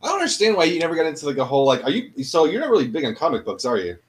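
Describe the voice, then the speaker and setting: A man's voice: on the high side, wildly swooping pitch, racing. A man co-hosting a podcast, chatting casually and asking questions. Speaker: podcast co-host. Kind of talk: casual chat.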